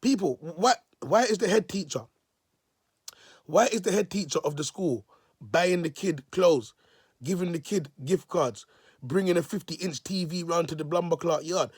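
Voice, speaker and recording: A man's voice: on the high side, moderate pace, husky, no room sound, clean studio sound. A man, a self-styled prophet preaching in a vlog, repeating himself and calling his listeners "people". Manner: repetitive, emotional, restarts phrases.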